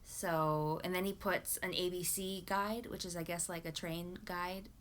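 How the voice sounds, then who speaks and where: A woman's voice: lowish voice, unhurried. Chatty woman from Canada talking books. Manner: chatty, rambling, animated. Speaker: book vlogger. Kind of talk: casual chat.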